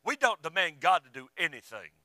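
A male preacher delivering a sermon. His voice is high and very bright, and it swings from fervent swells down to near-whispers. The sound is dry and close. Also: big pitch swings, brisk, dry recording, poor audio. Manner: fervent, rising and falling, drops to a hush.

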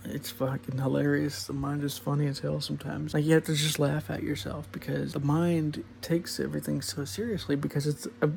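A young man talks through spiritual ideas in a loose, rambling podcast monologue, now and then laughing and slipping into quick put-on voices. His voice is heavily gravelly and sits slightly high for a man. A faint noise runs under the recording. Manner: rambling, laughs at his own points, acts out the mind's voice. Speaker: podcast host.

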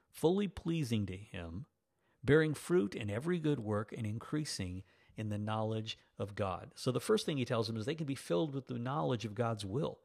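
A man's voice: mid-range voice, creaky, darkish tone. A man in his fifties, a pastor delivering a sermon, reading scripture and breaking into folksy, self-teasing asides.

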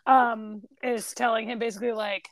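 Woman cohost telling a story, bit high voice, dry mic. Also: steady tone, moderate pace, no room sound. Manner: storytelling, retells scenes with quoted lines. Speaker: podcast co-host. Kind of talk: casual chat.

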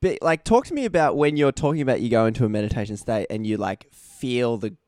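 A man's voice: mid-range voice, lively intonation, fast talker, darkish tone, no echo, studio quality. A man hosting an interview, asking curious questions in a casual, joking way.

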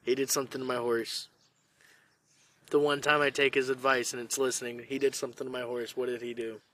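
Bright-voiced young man telling stories. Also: medium pitch, fairly quick, a little hiss or hum. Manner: animated, profane storyteller. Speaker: podcast host. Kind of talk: casual storytelling.

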